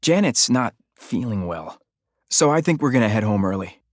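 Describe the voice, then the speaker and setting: A man voicing a frightened young man who pleads and then shouts in panic, his voice swinging widely. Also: on the low side, sing-song, normal speed, dry recording, clean studio sound, pitched above the performer's own voice. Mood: panicked. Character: frightened young man confronting a knife-wielding man.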